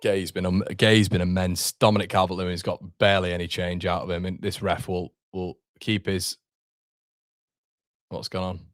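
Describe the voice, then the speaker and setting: A man's voice: low-pitched, little pitch movement, moderate pace, no echo, clean studio sound. A young man hosting a live fan watchalong, reacting with frustration and swearing as he talks to his chat.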